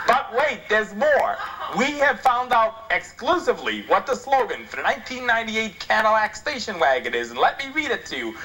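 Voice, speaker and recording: Male comedy host, lively pitch swings, wry mock-serious monologue. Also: rough recording.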